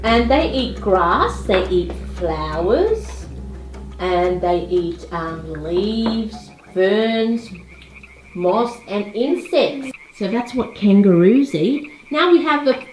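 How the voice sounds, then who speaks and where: A woman slowly naming toy animals for children at home, coaxing them to make animal sounds. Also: mid-range voice, animated, darkish tone. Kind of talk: slow explanatory narration for kids. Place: home room. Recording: echoey room with music behind.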